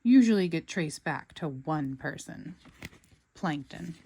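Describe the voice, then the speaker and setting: A woman voicing a loud, money-minded male crab boss in a storybook read-aloud, bossy and agitated. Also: sits low, expressive, slow pace, gravelly, a little hiss or hum, heavily acted. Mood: grave.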